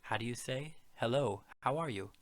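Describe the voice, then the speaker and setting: A man's voice: mid-range voice, normal speed. A man narrating a beginner language lesson, explaining words patiently and step by step. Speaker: language teacher.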